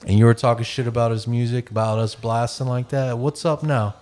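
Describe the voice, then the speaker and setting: A man hosting a podcast and telling a long, animated story, swearing freely and acting out the voices of the people in it. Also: medium pitch, fairly quick, faint music behind. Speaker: podcast host. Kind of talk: casual storytelling.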